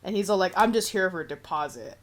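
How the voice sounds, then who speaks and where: Speaking quickly in a lowish voice, this podcast co-host is a young woman recounting something that happened at work. The chat is casual, and she swears a lot and keeps breaking into laughter as she tells it.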